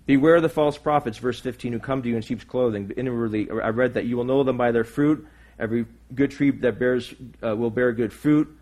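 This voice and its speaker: A man preaching a sermon as pastor. He speaks earnestly, puts questions to his congregation, and moves between loud emphatic lines and quiet asides. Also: mid-range voice, a little fast.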